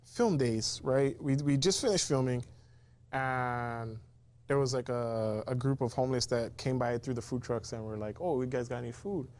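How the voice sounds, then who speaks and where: A man's voice: medium pitch, normal speed, darkish tone. A man who runs a food truck, talking earnestly in a casual interview and leaning on "you know". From Hawaii. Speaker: guest, food truck owner.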